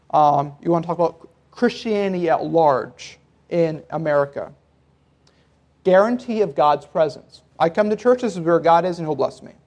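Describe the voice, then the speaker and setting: A man with a notably high voice delivers a sermon to a congregation. He preaches in a relaxed, conversational way, explaining and joking as he goes. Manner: conversational preaching with occasional laughs. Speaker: pastor.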